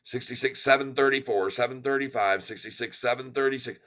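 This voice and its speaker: A middle-aged man hosting a live stock market stream, calling out share counts and prices in an excited, rapid patter. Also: mid-range voice. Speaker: stock market livestream host. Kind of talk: live stock-ticker commentary.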